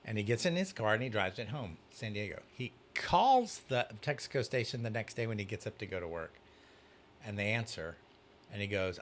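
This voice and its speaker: A man's voice: lowish voice, brisk, slight background noise. A man, a pastor, telling a story in casual chat and acting out the dialogue. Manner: animated storyteller, acts out dialogue. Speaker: youth pastor.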